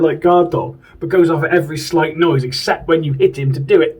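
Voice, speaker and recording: A man's voice: on the high side, normal speed, slightly rough, recorded from a distance, rough recording. A man from the UK, chatting casually and enthusiastically as a toy collector and swearing now and then. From United Kingdom. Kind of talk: casual chat. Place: home room.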